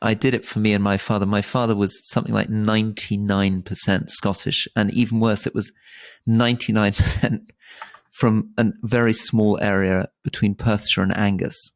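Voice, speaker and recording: A man's voice: lowish voice, little pitch movement, normal speed. A man in his forties from Britain, co-hosting a casual conversation and often stammering and restarting his words. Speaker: podcast co-host.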